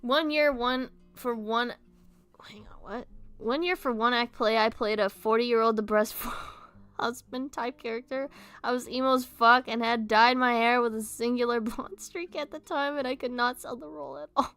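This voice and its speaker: A young woman chats on her stream in a bright, forceful voice. She talks animatedly, swears freely and laughs often, with faint guitar music playing behind her. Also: a little high, fairly even intonation, moderate pace, smooth. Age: young adult. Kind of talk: casual chat stream.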